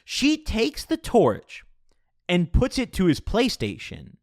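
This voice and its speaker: A man's voice: high voice, slow. A young man telling a casual, profane story in his own voice. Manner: casual and profane, animated retelling.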